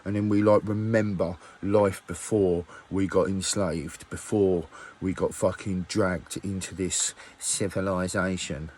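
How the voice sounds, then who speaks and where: A man's voice: deep voice, fairly even intonation, unhurried, hardly any pauses, darkish tone. A man ranting angrily at his viewers, swearing often and firing off rhetorical questions. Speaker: musician vlogger. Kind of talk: angry rant to camera.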